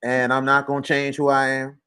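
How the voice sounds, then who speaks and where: A man's voice: mid-range voice, monotone, a little fast, bright, forceful tone, clean tone. Stammering man defending himself. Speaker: high school sports reporter, co-host. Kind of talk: casual podcast chat.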